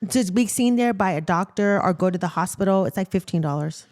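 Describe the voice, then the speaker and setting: A woman's voice: mid-range voice, lively intonation, brisk, a little mellow. A young adult woman co-hosting a podcast, chatting casually and laughing as she tells work stories as a correctional nurse. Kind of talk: casual chat.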